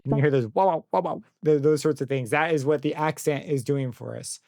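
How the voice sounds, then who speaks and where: A young man walking through a software synth plugin in a casual tutorial, thinking aloud and correcting himself as he goes. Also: medium pitch, fairly even intonation, fairly quick, gravelly. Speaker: plugin reviewer. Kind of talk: screen-recorded software tutorial. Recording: dry close mic with synth music under it.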